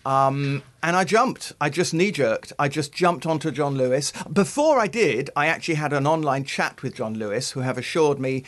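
A man's voice: fairly high pitch, lively intonation, normal speed, hardly any pauses, fairly bright tone. A man co-hosting a casual podcast chat, theatrical and giggly, addressing listeners grandly. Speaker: podcast co-host.

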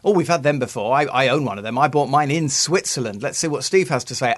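A man's voice: medium pitch, animated, quick pace, hardly any pauses. A man co-hosting a podcast, chatting casually and reading out listener messages with playful asides. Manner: chatty, playful, breaks into put-on voices for anecdotes. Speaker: podcast co-host.

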